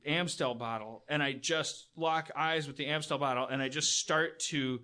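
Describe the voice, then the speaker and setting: A man with a high, bright voice tells a comic story on a live podcast. He swears freely, mocks himself, and keeps stumbling over restarts. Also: fairly even intonation, normal speed. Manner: profane, self-deprecating, stammering restarts. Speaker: podcast host.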